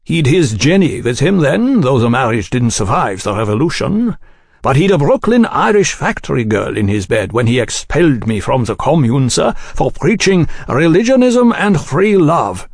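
A man's voice: a little high, expressive, moderate pace, vocal fry, few pauses, no room sound, clean studio sound, pitched above the performer's own voice. A man voicing a bitter, aggrieved exiled revolutionary who speaks insistently.

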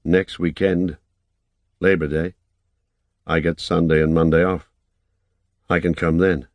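A man reading an audiobook, voicing a worn-out young man who speaks slowly and haltingly. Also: low-pitched, level tone, a little mellow, no room sound. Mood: weary. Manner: slow, halting, thinking aloud.

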